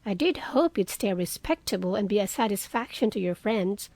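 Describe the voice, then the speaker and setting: A woman's voice: medium pitch, animated, moderate pace, a little mellow, dry recording. A woman voicing a frank, spirited young woman in an audiobook reading, earnest and outspoken.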